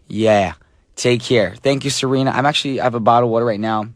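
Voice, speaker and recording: Hoarse radio DJ, chatty. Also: male voice, mid-range voice, quick pace, no room sound, clean studio sound. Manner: chatty, joking, many fillers. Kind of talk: casual radio chat.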